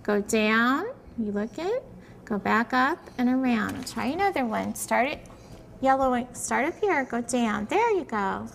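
A fairly high-pitched woman teacher with a gravelly, creaky texture in her voice. She talks young children through letter sounds and handwriting at a classroom table, patient and encouraging, with frequent praise. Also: sing-song, measured pace, slight background noise.

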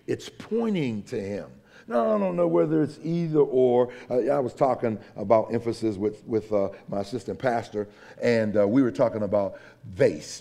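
A male pastor preaching a sermon, swinging from loud emphatic lines to hushed whispers, with joking asides. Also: mid-range voice, sing-song, moderate pace, vocal fry. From United States.

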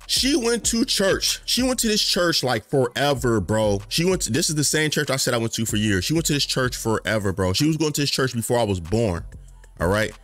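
A man in his late twenties or thirties giving a passionate casual commentary rant, full of slang, his voice climbing high in outrage and then dropping to a low mutter. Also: very animated, fairly quick, fairly bright tone, faint music behind. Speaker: commentary vlogger.

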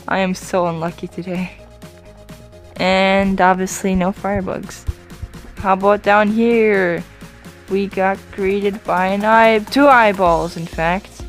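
Chatty woman narrating her gameplay. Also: medium pitch. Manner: chatty, apologetic, bursts into excited exclamations. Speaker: YouTube gamer. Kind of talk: let's-play gameplay commentary.

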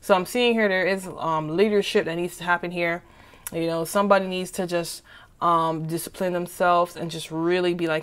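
A woman's voice: on the low side, steady tone, normal speed, smooth. A woman doing a casual tarot reading who rambles, repeats herself and keeps asking "okay?". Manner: chatty and informal, with "okay?" checks. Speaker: tarot reader.

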